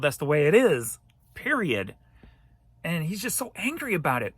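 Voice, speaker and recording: A man, a thrift reseller, telling a story straight to camera in a casual, animated way, cursing now and then. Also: on the high side, normal speed, husky, no echo. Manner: animated, profane ranting retelling.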